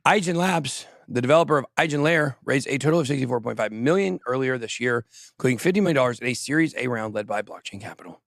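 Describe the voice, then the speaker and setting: A man's voice: medium pitch, animated, quick pace, gravelly, fairly bright tone, no echo, studio quality. Joking male crypto show host. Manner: joking, self-mocking, reads news with tangents. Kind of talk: casual chat.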